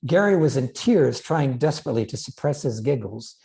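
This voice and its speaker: A male author reads his own novel aloud, measured and expressive. His voice is dark and warm, with a gravelly edge in the low notes. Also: poor audio. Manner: measured, expressive literary reading.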